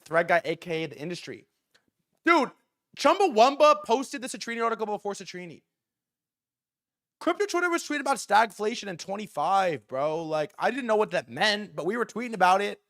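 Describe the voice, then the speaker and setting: A young man holds forth on a livestream in a fast, profane rant. His voice sits a little high for a man, jumping from loud excited bursts to low muttered asides. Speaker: livestream host. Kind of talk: hyped livestream market rant.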